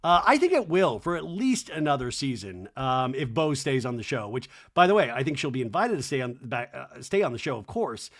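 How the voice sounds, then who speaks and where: A man's voice: mid-range voice, big pitch swings, brisk, few pauses, a bit bright. Chatty, sarcastic man recapping TV. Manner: chatty, sarcastic, laughs often. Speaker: podcast host. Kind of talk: casual comedic recap.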